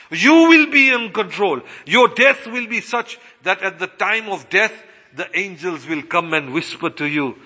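A man preaching a sermon with passion, slowing down to stress his points. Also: sits high, animated, sharp tone. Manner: impassioned, slows for emphasis, acts out quoted voices. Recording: long hall reverb.

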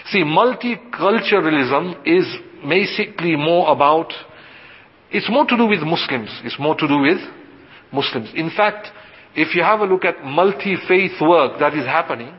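A man, an imam, giving a sermon in a mosque, posing rhetorical questions and answering them himself. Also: sits high. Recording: dull lo-fi sound with long hall reverb.

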